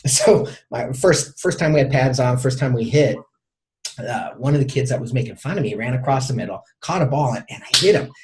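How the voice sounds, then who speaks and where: A man's voice: mid-range voice, animated, slight background noise. Middle-aged male coach, interview guest, stop-start storytelling with many repeated words. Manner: halting, repeats words often.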